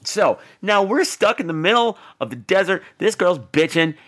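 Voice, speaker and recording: A man hosting a podcast, ranting about a bad movie in a profane, sarcastic, animated storytelling manner. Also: high voice, moderate pace. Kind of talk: comedic movie-review rant.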